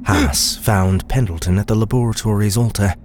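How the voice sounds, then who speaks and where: A man narrating a dark fantasy story in a slow, measured way. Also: fairly low pitch. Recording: steady cricket and insect noise.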